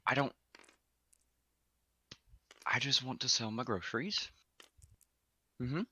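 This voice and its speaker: A man voicing a wary little male gnome grocer who talks in a low, exasperated mutter. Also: takes it slowly, bright, forceful tone, husky, heavily acted.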